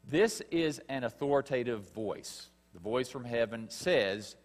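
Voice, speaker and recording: A man preaching a sermon, earnest and emphatic, pausing and rising in stress as he reads scripture. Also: medium pitch, lively intonation, darkish tone, long reverb tail. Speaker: pastor.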